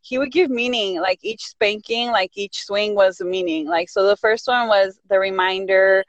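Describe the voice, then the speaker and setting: A woman's voice: medium pitch, normal speed, no echo, muffled recording. A woman chatting casually, recounting childhood stories and switching between English and Spanish. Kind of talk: casual chat.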